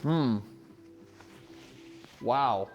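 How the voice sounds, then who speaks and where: A man's voice: mid-range voice, animated, very slow, dull audio, soft background music. Profane, rambling male streamer cooking at home. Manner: profane, rambling, talks back to chat. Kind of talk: casual live-stream chat while cooking. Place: home kitchen. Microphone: wired mic.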